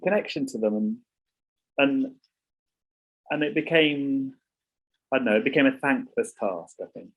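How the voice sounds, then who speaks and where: Husky man, rambling chat. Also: medium pitch, a little slow, pauses often, fairly bright tone, poor audio. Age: middle-aged. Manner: rambling, many restarts and repeats. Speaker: songwriter guest. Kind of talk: casual interview chat.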